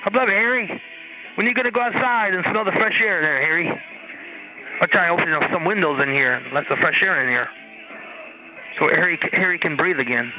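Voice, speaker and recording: A man's voice: high-pitched, fairly quick, long pauses. A man in a crude phone chat, taunting and repeating himself. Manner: taunting, repetitive. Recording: phone-line audio with faint music.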